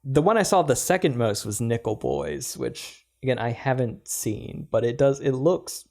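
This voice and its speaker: A man's voice: mid-range voice, animated, normal speed, gravelly, a little mellow. A young man co-hosting a podcast, chatting casually and filling his talk with "like" and "yeah.". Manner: chatty, filler-heavy with "like" and "yeah". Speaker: podcast co-host. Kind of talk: casual chat.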